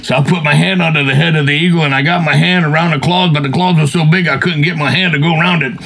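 A man with a fairly high, gravelly voice and a husky edge tells a long story in a loose, folksy manner. He rambles and keeps dropping "man" and "you know" as he goes. The telling is casual and conversational. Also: steady tone, fast talker, fairly bright tone, rough recording.

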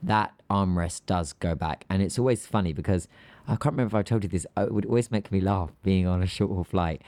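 A man with a British accent co-hosting a casual podcast, telling animated stories and acting out little scenes. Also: low voice, fairly quick, dry recording. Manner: animated storyteller, acts out scenes. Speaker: podcast co-host.

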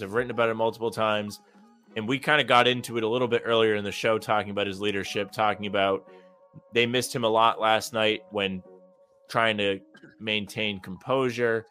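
A young man co-hosting a sports podcast, talking calmly and teasing his co-host. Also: lowish voice, clear, resonant tone.

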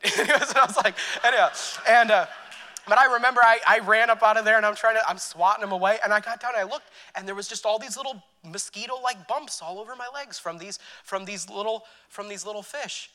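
A man with a high, bright voice preaches a church sermon quickly, in a big-room acoustic. His style is loose and chatty, full of fillers and restarted sentences, and he laughs at his own story as he works through it.

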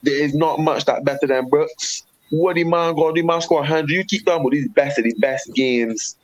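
A man's voice: a little high, fairly quick. Passionate West Indian man on cricket. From Caribbean. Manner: passionate, repetitive, emphatic. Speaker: cricket show panelist. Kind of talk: heated sports debate. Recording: dull lo-fi sound.

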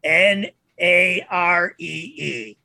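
A man's voice: sits high, very slow, vocal fry, bright, forceful tone, no room sound. A man playing a tabletop game, with dry, wry banter. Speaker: player. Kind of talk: tabletop role-play banter.

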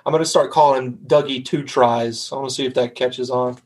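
Southern guy hosting a chill podcast, mid-pitched voice, laid back, asks questions. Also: steady tone, a little fast, rough recording. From North Carolina. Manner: easygoing, asks questions, backchannels often. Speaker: podcast host. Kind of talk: casual chat.

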